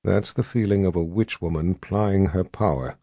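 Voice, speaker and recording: A man's voice: deep voice, normal speed, no echo. A man doing a murmuring old wizard. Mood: hushed. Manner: murmuring, hushed. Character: frowning old male wizard, wary and thoughtful.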